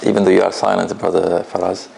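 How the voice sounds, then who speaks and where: A man's voice: low voice, level tone, fast talker, vocal fry, darkish tone. A man teaching a tajweed class in an office, patient and laughing often as he asks the students questions. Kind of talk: classroom lesson.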